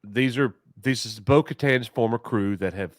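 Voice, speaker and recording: A man co-hosting a casual review chat, animated and mocking, with exaggerated reactions. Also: medium pitch, normal speed, no room sound, clean studio sound. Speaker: co-host of a TV review show.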